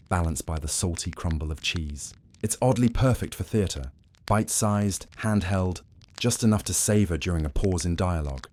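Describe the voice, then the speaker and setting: Deep-voiced man narrating a bedtime story. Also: darkish tone.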